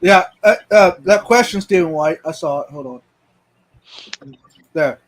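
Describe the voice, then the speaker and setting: A man hosts a casual live stream over a video call, his voice sitting notably high. He talks in halting starts, often repeating words, and reads viewer comments aloud.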